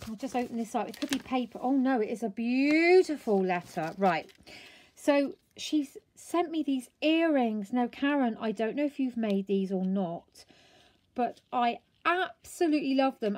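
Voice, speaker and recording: A woman's voice: a little high, a little mellow. A woman vlogger chatting casually to camera about a craft parcel, gushing and exclaiming with delight.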